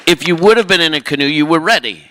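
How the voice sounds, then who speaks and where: A man on a convention panel, telling quick stories and quoting others. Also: a little high, background noise. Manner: quick storyteller, quotes others. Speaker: actor on a panel. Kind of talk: casual panel chat. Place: convention hall stage.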